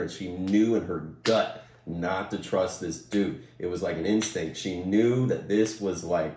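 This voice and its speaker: A man with a very low voice answers questions in an easygoing, chatty manner. His tone is mellow and warm, and the recording has the roomy echo of a bare room. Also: unhurried, few pauses, recorded from a distance, slight background noise. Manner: relaxed, conversational, with fillers. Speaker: interviewee. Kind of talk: casual conversation.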